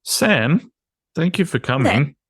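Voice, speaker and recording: A man's voice: fairly high pitch, sing-song, slow, fairly bright tone, breathy edge. Chatty, joking male podcast host. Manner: joking, chatty, laughs often. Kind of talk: casual chat.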